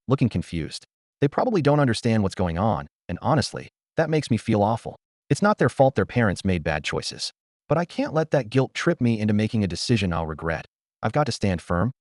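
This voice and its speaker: A man's voice: fairly low pitch, no echo, clean studio sound. A man narrating a scripted first-person story in an earnest, conflicted way.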